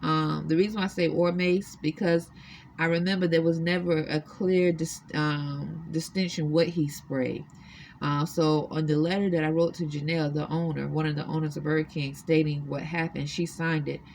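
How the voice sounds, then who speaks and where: Earnest woman with a low voice. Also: level tone, normal speed, gravelly, a little mellow, a little hiss or hum. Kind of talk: recounting personal experiences to camera. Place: extended-stay hotel room.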